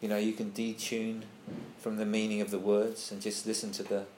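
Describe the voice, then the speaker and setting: A thoughtful man leads a relaxed group discussion. He thinks aloud and stops now and then to read a passage out. His voice rings around an echoey room with a faint hiss underneath. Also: lowish voice, moderate pace.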